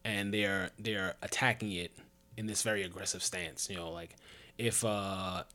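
A man in a casual book discussion, lively and quick to chime in with agreement. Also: low-pitched. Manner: lively, frequent agreeing interjections. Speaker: book club member.

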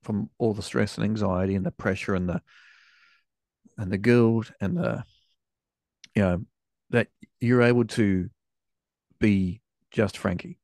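A man's voice: lowish voice, steady tone, unhurried, long pauses, a little mellow, no room sound, clean studio sound. A man hosting a podcast, asking long, rambling questions full of restarts and small affirmations. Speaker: podcast host. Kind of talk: interview questions.

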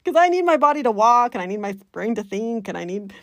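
A woman life coach, talking to her listeners in a chatty, animated way and slipping into the voice of her inner critic. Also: fairly high pitch, fast, no room sound. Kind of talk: coaching podcast talk.

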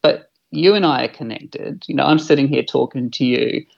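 A man's voice: medium pitch, normal speed, vocal fry, dull audio. A man, an earnest and reflective podcast guest who swears freely. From New Zealand. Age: 40s. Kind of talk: podcast conversation.

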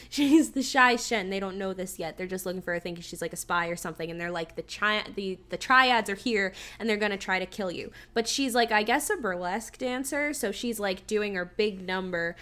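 A young woman co-hosting a casual podcast, retelling movie scenes in an animated way, with swearing and exclaimed questions. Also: medium pitch, normal speed. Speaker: podcast co-host. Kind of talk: casual movie review chat.

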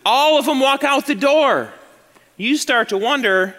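High, bright pastor preaching. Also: male voice, unhurried. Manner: animated, acts out excuses in quoted voices. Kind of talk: sermon. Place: church sanctuary. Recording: long hall reverb.

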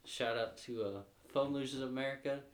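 A man's voice: medium pitch, fairly quick. Tired laid-back man hosting a podcast. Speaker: podcast host. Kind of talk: casual podcast chat. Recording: echoey room with faint noise.

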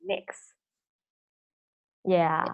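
A woman's voice: very slow, phone-quality sound, slight background noise. A woman hosting a podcast in casual chat, talkative and leaning on the filler "like" as she goes. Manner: chatty, leans on the word "like", friendly sign-off. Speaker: podcast host.

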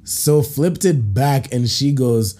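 A man's voice: mid-range voice, lively intonation, slow, warm tone. A male podcast host from Kenya in casual chat. He reads listener stories aloud with slangy banter, laughing often and acting out reactions.

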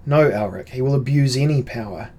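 A man's voice: mid-range voice, a little fast, a little mellow, slightly rough, lightly acted. A man reading an audiobook, voicing an anguished noble young woman who pleads with her lover. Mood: pleading. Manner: pleading, raised and emotional.

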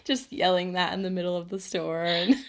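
A woman's voice: on the low side, fairly even intonation, brisk. A young woman co-hosting a podcast, chatting casually and reading listener stories, giggling often and filling her talk with "like". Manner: giggly, lots of "like" fillers. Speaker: podcast co-host.

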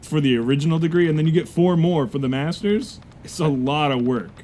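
A man's voice: fairly high pitch, brisk, darkish tone, slight background noise. A man improvising a pirate crewman in a comedy scene, with playful, jokey banter. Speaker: podcast co-host.

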